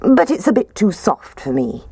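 Storybook little girl, fussy and lightly complaining, voice jumping high, put on by a woman narrator. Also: sing-song, moderate pace, dark tone, breathy edge, no echo, studio quality.

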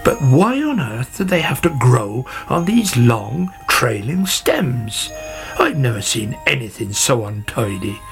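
A man's voice: medium pitch, sing-song, slow pace, gravelly, heavily acted. A man voicing a fussy, conceited old male gardener with grumbling exclamations, over background music. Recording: music playing under the voice.

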